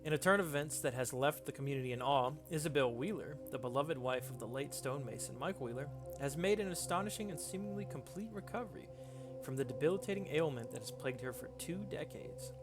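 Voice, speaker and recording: A man's voice: medium pitch, animated, fast, over music, natural voice. A man doing a 1920s newsreader. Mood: announcing. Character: 1920s male newsreader, formal and upbeat. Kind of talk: reading a period news article aloud.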